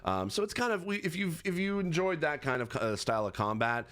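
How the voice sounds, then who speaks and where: A man's voice: on the high side, very animated, a little fast, a bit bright. A man giving casual game commentary as a reviewer, rambling with many fillers, restarts and self-corrections. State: has the hiccups. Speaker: gaming accessibility reviewer.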